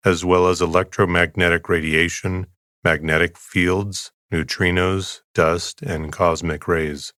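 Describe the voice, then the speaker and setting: Sleep podcast host: man, very low voice with a crisp bright edge, soothing steady read-aloud. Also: no echo, studio quality. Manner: soothing, calm and even. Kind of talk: slow sleep-podcast reading.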